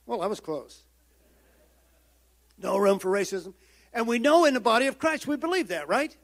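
A man preaching a sermon as pastor, swinging from loud emphatic calls down to quiet, low-spoken passages. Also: sing-song, fast. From United States.

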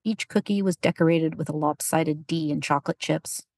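A woman narrating a story in an even, unhurried storytelling manner. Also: deep voice, dry recording, clean studio sound. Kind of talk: audiobook narration.

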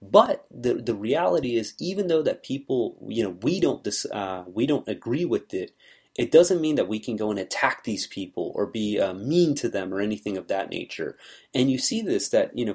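A man's voice: lowish voice, a little mellow, slightly rough. A man giving an earnest, conversational talk on scripture, explaining things in a loose, searching way. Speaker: religious speaker.

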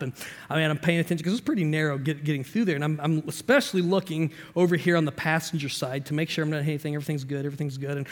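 Animated pastor telling a story in a hall. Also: male voice, fairly high pitch. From Indiana. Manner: animated storyteller, shifting loud and soft, acts out dialogue. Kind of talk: sermon with personal story.

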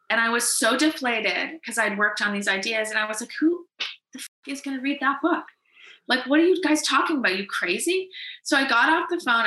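Woman, late thirties, casual storytelling, acts out her own dialogue, sharp bright tone, roomy echo. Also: medium pitch. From Winnipeg, Canada. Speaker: interview guest. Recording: echoey room.

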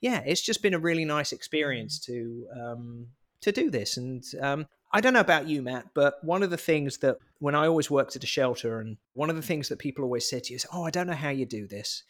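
A man's voice: on the high side, lively intonation, brisk, hardly any pauses, a bit bright. A man, co-hosting a podcast in casual chat, a chatty, jokey storyteller who mocks himself. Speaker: podcast co-host.

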